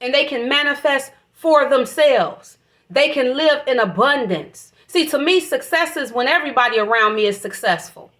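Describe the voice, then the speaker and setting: A woman's voice: high voice, expressive, moderate pace, a bit bright. A woman giving an emotional, preachy spiritual monologue, swearing freely as she talks. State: emotional, voice catching. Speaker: vlogger.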